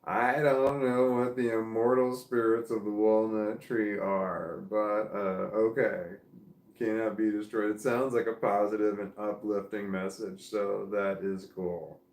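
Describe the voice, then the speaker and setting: Drowsy, slow-talking Midwestern man. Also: lowish voice, steady tone, a little mellow, reverberant. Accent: American Midwestern. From American Midwest. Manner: slow, mumbling and drowsy, breaking into laughter. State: high and tired. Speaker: livestream host reading chat. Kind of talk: casual livestream chat.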